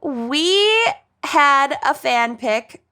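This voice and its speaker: A woman co-hosting a podcast, chatting casually and explaining things at length in an animated way. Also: sits high, very slow. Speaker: podcast co-host.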